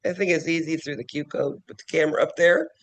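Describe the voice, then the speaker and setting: A male nursing professor lectures in a classroom with a notably high voice. He teaches in an animated, playful way, breaking into children's games and cries to make his points. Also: fast talker.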